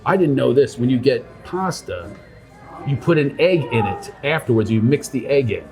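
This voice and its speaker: A man's voice: mid-range voice, lively intonation, normal speed, darkish tone, faint music behind. A middle-aged man co-hosting a podcast in casual chat, telling rambling stories and riffing on his own tangents. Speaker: podcast co-host. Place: restaurant lounge.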